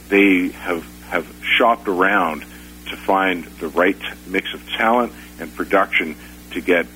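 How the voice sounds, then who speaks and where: A man hosting a radio talk show, speaking in a halting way with many fillers and restarts. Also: deep voice, a bit bright, slight background noise, low-quality recording. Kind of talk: casual talk-radio conversation.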